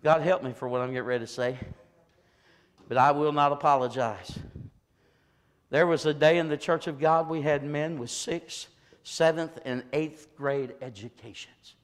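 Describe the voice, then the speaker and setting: An older man preaching a Pentecostal sermon in a church service, swinging from hollered peaks to low, confiding asides. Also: moderate pace, long reverb tail. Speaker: pastor.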